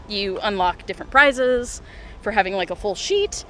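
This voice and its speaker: A streamer from the United States walks through city streets with a phone, playing a mobile game live and chatting casually. The mid-range voice is bright and forceful with lively intonation at a moderate pace, full of giggles and fillers, over a slight hiss or hum.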